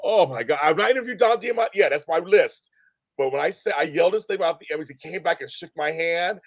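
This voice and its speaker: A man gushes in casual chat, swearing freely. His voice sits high and swings widely in pitch. The recording is dry, with no room sound. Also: brisk, no echo. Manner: gushing, animated and profane. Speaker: interviewer.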